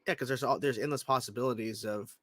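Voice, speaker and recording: A man hosting an interview, eager and friendly, asking loose rambling questions and chiming in with quick agreement. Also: mid-range voice, a bit bright, no room sound, clean studio sound. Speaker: host.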